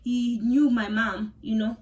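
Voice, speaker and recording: Young South African woman, high-pitched, casual storyteller, emotional and exclamatory. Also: little pitch movement, unhurried, a little mellow. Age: young adult. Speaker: vlogger.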